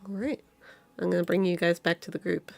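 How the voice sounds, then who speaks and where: A woman's voice: fairly low pitch, fairly even intonation, fairly quick, creaky, a little mellow. A woman narrating as game master of a tabletop game in a casual, hesitant way. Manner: casual, hesitant, lots of fillers.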